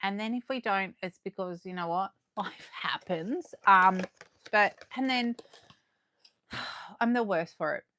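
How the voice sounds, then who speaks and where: A woman chatting excitedly to viewers as she unboxes collectibles live, her voice going a little hoarse. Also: mid-range voice, slow pace, no room sound. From Australia. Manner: chatty and excitable, gasping and laughing, talking to viewers. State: losing her voice. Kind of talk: casual live unboxing chat.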